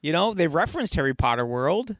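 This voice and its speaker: A man co-hosting a podcast, retelling a movie in an animated, profane, casual chat. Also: on the high side, brisk, dry recording, clean studio sound. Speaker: podcast co-host.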